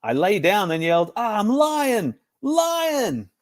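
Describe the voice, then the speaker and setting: Man voicing an excitable young boy. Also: a little high, moderate pace. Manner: eager, excitable.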